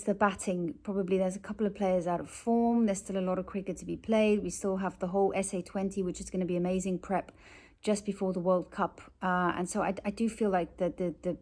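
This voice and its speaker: A woman's voice: medium pitch, darkish tone. A woman from South Africa talking straight to her viewers, sharing candid, chatty opinions as a cricket vlogger. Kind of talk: casual opinionated commentary.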